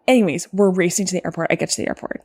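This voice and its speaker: A comedy podcast co-host tells a chatty story peppered with "like." Her voice sits on the low side with a darkish tone, and she talks rapid-fire. There's no echo.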